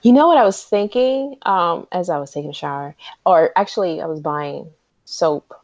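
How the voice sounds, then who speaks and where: A woman in her forties, a podcast host telling stories in a rambling, excitable way, full of restarts. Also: lowish voice, normal speed, dry recording, dull audio. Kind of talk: casual chat.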